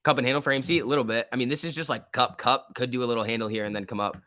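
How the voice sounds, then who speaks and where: A man's voice: medium pitch, very fast, no echo. Young guy hosting a stock livestream, hyped and laughing a lot, dry close sound. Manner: excitable, laughs often, reads chat aloud. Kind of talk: casual live-stream chat.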